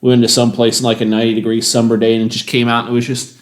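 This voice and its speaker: A man's voice: medium pitch, monotone, very fast. A man co-hosting a podcast in casual chat, a parent telling rambling stories. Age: adult parent. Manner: rambling, restarts his stories. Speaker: podcast co-host.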